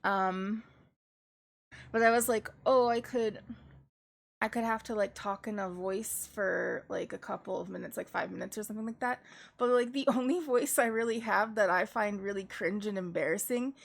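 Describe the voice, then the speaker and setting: A woman's voice: mid-range voice, normal speed, gravelly. A woman VTuber chatting casually with her live-stream viewers, giggly and drawn out.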